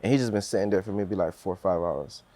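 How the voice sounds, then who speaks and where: Low-voiced man telling a personal story. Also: fast talker, mellow. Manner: earnest storytelling, acts out quotes, many restarts.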